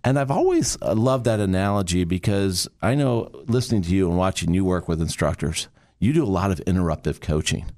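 A middle-aged man from Michigan hosting a podcast, talking in an animated, emphatic way and making playful sound effects. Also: sits low, fairly quick. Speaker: podcast host. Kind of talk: casual podcast talk.

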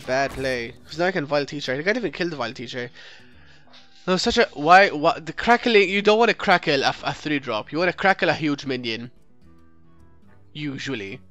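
Higher-pitched man talking through a card game. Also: a bit bright. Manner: thinking aloud, often correcting himself; critiques the opponent's plays. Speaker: let's play host. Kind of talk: gameplay commentary.

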